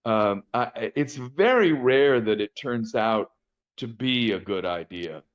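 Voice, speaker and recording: An older man talks frankly and at length, full of "uh"s and false starts as he tells stories from his casting work. His voice sits at an ordinary middle pitch. The audio is slightly muffled and lo-fi. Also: animated, slow pace. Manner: frank, anecdotal, frequent "uh" and restarts. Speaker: casting director, guest. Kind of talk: interview conversation.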